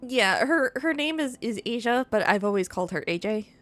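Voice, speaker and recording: A woman's voice: on the high side, animated, fairly quick, fairly bright tone, soft background music. A young woman streaming a video game, chatting casually and rambling between frequent giggles. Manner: chatty and giggly, laughs often between remarks; rambling, with frequent restarts and fillers. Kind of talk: casual gameplay chat.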